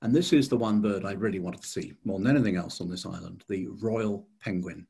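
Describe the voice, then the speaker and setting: Gravelly low-voiced man giving a talk. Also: fairly quick, dark tone. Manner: hesitant, many fillers and restarts. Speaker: society chairman giving a talk. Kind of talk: illustrated slide talk.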